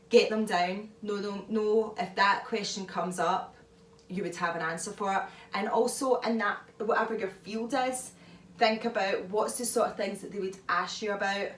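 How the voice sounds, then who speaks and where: A woman vlogger talking through advice in a chatty, animated way, often laughing, recorded at home. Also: medium pitch, a little hiss or hum. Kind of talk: casual advice talk. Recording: echoey room, mic far off.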